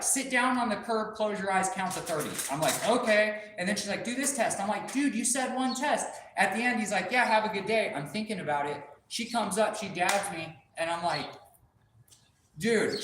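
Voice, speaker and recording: A high-pitched man speaking at a moderate pace recounts a profane, meandering story, animatedly playing out others' lines as he goes. He's a shop vlogger in a car workshop, recorded in an echoey room with faint background noise.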